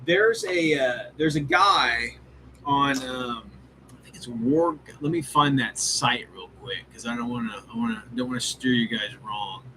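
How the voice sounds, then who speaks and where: A man's voice: mid-range voice, a little slow, sharp tone, a little hiss or hum, rough recording. A man hosting a live hobby stream in casual chat, rambling and swearing often, full of fillers and restarts. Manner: rambling, profane, enthusiastic, lots of fillers. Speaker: hobby show host. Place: home hobby room.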